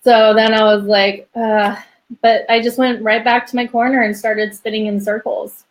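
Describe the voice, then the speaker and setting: A woman's voice: on the high side, little pitch movement, moderate pace. A young woman as a podcast guest, telling a personal story in a chatty way, full of "like" and small laughs. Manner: chatty, many "like"s, laughs between phrases.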